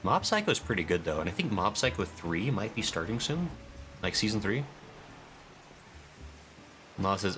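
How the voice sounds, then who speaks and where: A man's voice: on the low side, big pitch swings, normal speed, long pauses, fairly bright tone, soft background music. A man streaming a video game, chatting casually and reading viewers' messages aloud. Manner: chatty, reads chat aloud.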